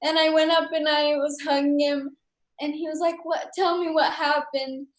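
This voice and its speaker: Young woman, interview guest, high voice, chatty storyteller, echoey room. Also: normal speed. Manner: chatty, animated, with many fillers.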